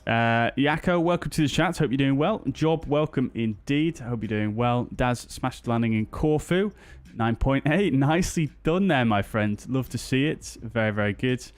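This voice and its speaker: A man's voice: mid-range voice, lively intonation, normal speed, hardly any pauses. A British man streaming a flight simulator, chatting casually and greeting his viewers one by one with plenty of ums and uhs. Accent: British English. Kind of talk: casual live-stream chat.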